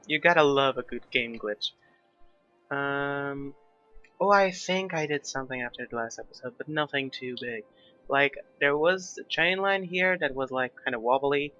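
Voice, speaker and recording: A man's voice: mid-range voice, sharp tone. A young man who is not a native English speaker, with an accent that mixes British and American, chatting through gameplay while thinking aloud and joking at his own expense. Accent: mixed British and American. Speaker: gaming YouTuber. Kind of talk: casual gameplay commentary. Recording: slightly dull lo-fi mic, faint background music.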